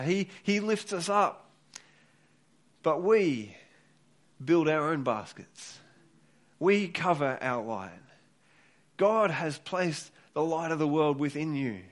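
A man preaching a sermon as pastor, earnest and urging, often repeating words as he builds each point. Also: a little high.

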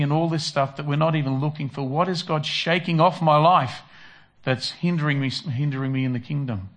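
A man's voice: on the high side, brisk, fairly bright tone. A man preaching a conversational sermon who acts out prayers and Bible voices. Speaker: pastor.

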